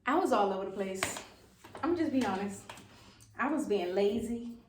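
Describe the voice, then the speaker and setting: A woman's voice: medium pitch, animated, normal speed, noisy background. A woman vlogging about buying a first home, giving informal, chatty advice in a self-deprecating way. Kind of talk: casual advice vlog. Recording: echoey room, mic at a distance.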